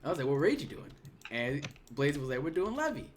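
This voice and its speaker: Lively storytelling man on a gaming podcast. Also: on the high side, a little fast, slight background noise. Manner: animated storyteller, acts out quotes with voice jumps. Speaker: podcast host. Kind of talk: casual gaming podcast chat.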